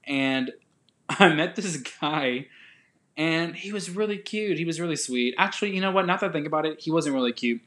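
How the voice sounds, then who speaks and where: A young man from the southern United States, chatting casually as a podcast co-host and telling an animated, rambling story with laughs. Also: fairly high pitch, normal speed.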